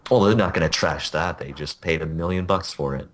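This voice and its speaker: A man's voice: rumbling low, brisk. A young man co-hosting a casual gaming podcast, sarcastic and joking as he talks. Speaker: podcast co-host.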